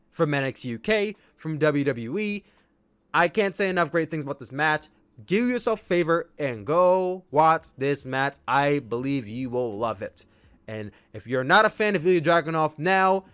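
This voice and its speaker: A man giving a casual, rambling solo review of a wrestling match, enthusiastic and prone to excited outbursts. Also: on the high side, no room sound.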